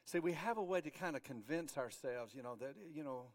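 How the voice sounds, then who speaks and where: A middle-aged male pastor preaching a sermon, animated, acting out quoted voices with many restarts and repetitions. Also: medium pitch, brisk.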